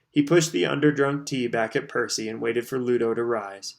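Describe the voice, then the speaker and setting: A man reading a novel aloud as an audiobook narrator, in measured storytelling. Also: mid-range voice, fairly even intonation, vocal fry. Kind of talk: scripted narration.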